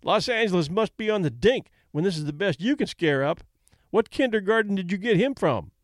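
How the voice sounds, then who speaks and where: A man's voice: high-pitched, lively intonation, brisk, dry recording, clean studio sound, pitched above the performer's own voice. A man reading an audiobook, voicing a cocky, shrewd young male boxer with a breezy, boastful manner. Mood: mocking.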